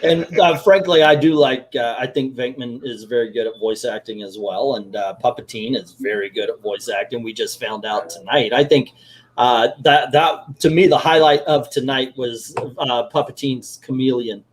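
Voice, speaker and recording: A man's voice: medium pitch, normal speed, poor audio. A man hosting a casual comics podcast, joking and teasing his guests. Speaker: host.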